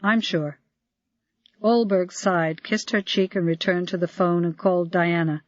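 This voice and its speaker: Brief: measured crime-novel narrator, mid pitch, dry muffled recording. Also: fairly even intonation, dry recording. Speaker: audiobook narrator. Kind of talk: scripted narration.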